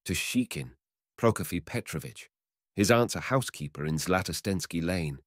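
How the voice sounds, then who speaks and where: Brief: male narrator playing a smug, penny-pinching older man in a storybook; brisk, dismissive, very low voice. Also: expressive, dry recording, clean studio sound. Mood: chatty. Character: older man, smug miserly customer, blunt.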